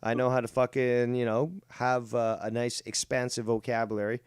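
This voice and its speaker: A man in crude, joking banter, teasing and playful, with a voice in a middle pitch. The sound is dry and close, with no room echo. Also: level tone, moderate pace, clean tone. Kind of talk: casual banter.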